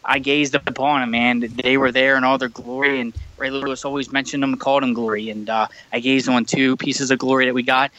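Man, rambling podcast storyteller, lots of fillers, tense bright tone, dry close mic. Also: medium pitch, flat delivery, brisk, hardly any pauses, no room sound, highs cut off. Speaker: podcast co-host. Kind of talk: casual chat. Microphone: remote call mic.

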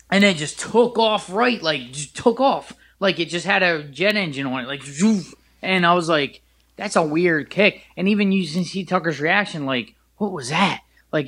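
Man, sports talk co-host, excitable, rambling, slightly high. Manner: excitable storyteller, many restarts and "like"s.

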